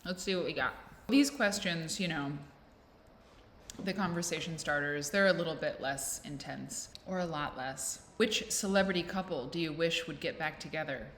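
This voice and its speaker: Low-pitched female vlogger, rambling and self-mocking, recorded in a reverberant room. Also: normal speed, fairly bright tone. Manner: rambling, self-deprecating, playful. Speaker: vlog host. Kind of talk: casual chat to camera. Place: indoors at home with a fan blowing. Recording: echoey room with faint noise.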